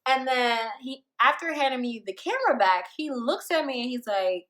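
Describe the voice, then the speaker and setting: A young woman telling a casual storytime, animated and slangy, acting out what people said. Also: high voice, moderate pace, hardly any pauses. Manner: animated, slangy, acts out quotes.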